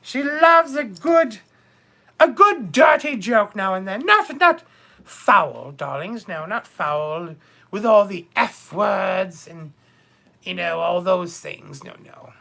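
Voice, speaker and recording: Man doing a high, bright, slow-talking bawdy duchess, theatrical and gossipy, for a comedy stream. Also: lively intonation, vocal fry, full character voice. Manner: theatrical, calls viewers darling and my dears. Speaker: live stream host. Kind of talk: comedic character live stream.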